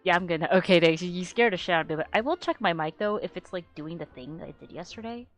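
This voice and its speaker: A woman chatting casually on a live stream, rambling and excitable, swearing freely and getting loud when worked up. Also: lowish voice, fast talker, highs cut off, faint music behind. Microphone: desk microphone she adjusts.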